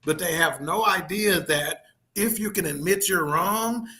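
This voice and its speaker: A man's voice: high-pitched, a little slow, sharp tone. A man hosting a podcast in casual discussion, talking with preacher-like emphasis and playful call-and-response. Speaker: podcast host.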